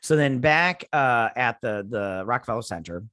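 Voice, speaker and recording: A man's voice: medium pitch, lively intonation, normal speed, bright, forceful tone, no room sound, studio quality. A man hosting a casual episode review, chatting through the plot in a rambling way with lots of fillers and restarts. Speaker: show host reviewing an episode.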